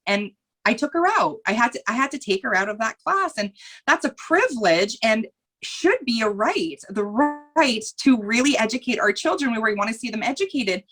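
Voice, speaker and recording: A woman's voice: a little high, expressive, normal speed, fairly bright tone. A woman talking as a guest in a podcast interview, earnest and candid, speaking in long rambling runs that repeat phrases and sometimes turn emotional.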